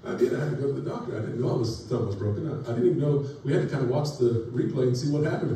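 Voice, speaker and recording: A man's voice: mid-range voice, rapid-fire, few pauses, warm tone. A man preaches a folksy, story-filled sermon, his voice climbing as he builds each point. He sounds set back from the mic in a very echoey church sanctuary. A faint hiss sits under his voice. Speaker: pastor. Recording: echoey church room from far off, faint noise.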